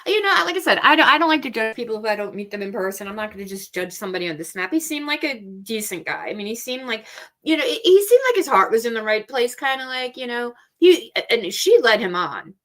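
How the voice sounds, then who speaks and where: A woman's voice: a little high, sing-song, fast, pushed and bright. A woman hosting a casual livestream chat from home, talking freely, laughing often and trailing off mid-thought. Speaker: livestream host.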